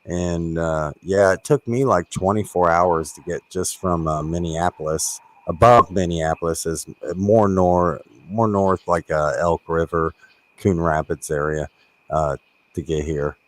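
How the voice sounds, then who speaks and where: A man's voice: deep voice, measured pace, no room sound. Laughing man hosting a live chat stream. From born in Kentucky, raised in Florida. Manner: laughs often, animated storyteller. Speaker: host.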